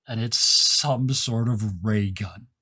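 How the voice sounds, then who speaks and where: A man narrating as game master of a tabletop game, descriptive and halting with fillers. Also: lowish voice, pushed and bright.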